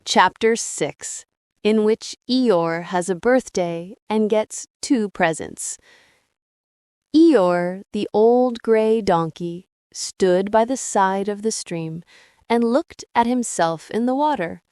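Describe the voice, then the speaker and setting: A woman narrating a children's storybook in a slow, measured way. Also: medium pitch, a little mellow, clean tone, dry recording, clean studio sound. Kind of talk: storybook reading.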